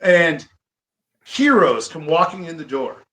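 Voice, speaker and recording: A middle-aged man from the American Midwest tells stories as a guest, lively and eager. His voice is bright and forceful, sitting a bit high. The studio around him rings with echo. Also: takes it slowly. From Iowa, US Midwest. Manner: animated, breaks into excited fanboy quotes. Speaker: guest wrestler. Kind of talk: storytelling interview. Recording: echoey studio room.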